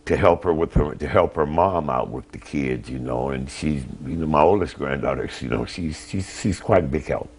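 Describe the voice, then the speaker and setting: An older man with an extremely low, deep voice tells his family's story in a plain-spoken way. He is polite and measured, a grandfather speaking as a guest in an interview. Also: darkish tone, slightly rough. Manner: plain-spoken, polite, answers with "yes, ma'am". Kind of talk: emotional personal account.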